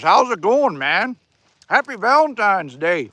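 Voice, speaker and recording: Canadian male streamer, high bright voice, chatty and joking, reads comments between bites. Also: expressive, a little slow. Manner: joking, chatty, talks while eating. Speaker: livestream host. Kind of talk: casual livestream chat reading comments.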